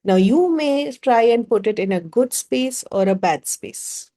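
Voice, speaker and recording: A woman's voice: on the high side, expressive, unhurried, mellow. A woman with a Bengali-inflected Indian English accent, leading a group workshop as facilitator and working through ideas with rhetorical questions.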